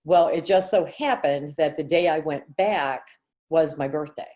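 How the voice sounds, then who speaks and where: Wry woman with a low voice. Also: measured pace, dark tone. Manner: wry, self-mocking humor. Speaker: book club member. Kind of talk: casual group chat.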